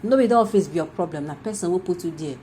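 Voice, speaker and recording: A Nigerian woman delivers opinionated news commentary in a low, warm voice. She talks in an animated way, piles up rhetorical questions and drops into Pidgin mid-sentence. Faint noise sits under her speech. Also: fast talker, poor audio.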